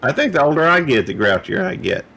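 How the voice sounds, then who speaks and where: A man's voice: fairly high pitch, big pitch swings, fast talker, gravelly, sharp tone, breathy edge. A middle-aged man co-hosting a casual livestream chat, talking with many fillers and restarts. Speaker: livestream co-host.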